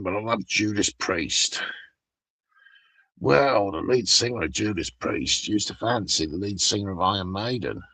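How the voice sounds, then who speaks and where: Gravelly, crude-talking British man. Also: low-pitched, sharp tone, no room sound, poor audio. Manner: crude, profane, rambling storytelling. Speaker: live streamer. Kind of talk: rambling casual chat.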